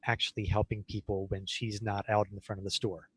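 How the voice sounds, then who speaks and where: A man with a husky voice running a tabletop game, calmly explaining rules and setting scenes. The sound is dry and close, with no room around it. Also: lowish voice, fairly quick, no echo. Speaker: game master.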